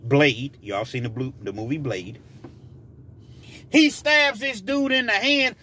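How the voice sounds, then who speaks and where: A man's voice: fairly high pitch, slow pace, a little hiss or hum. A man telling a personal story casually, acting out scenes as he goes. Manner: animated, acts out scenes.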